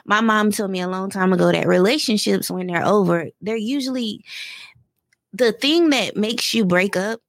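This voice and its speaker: A woman's voice: medium pitch, moderate pace, no room sound, studio quality. A woman hosting a podcast, sharing her own experiences in an open, candid, chatty way before asking her guest questions. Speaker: podcast host. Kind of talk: casual podcast interview.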